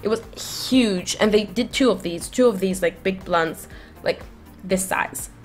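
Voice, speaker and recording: A woman's voice: medium pitch, unhurried, soft background music. A woman streamer casually telling a long personal story to her live chat, rambling and restarting often with lots of "like".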